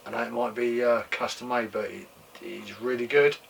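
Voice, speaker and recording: A man hosting his own toy collecting show, chatting casually and excitedly, repeating exclamations, swearing freely and losing his voice a bit. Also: mid-range voice, moderate pace, vocal fry, distant mic. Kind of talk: casual show-and-tell chat. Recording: mic set back from speaker, faint room noise.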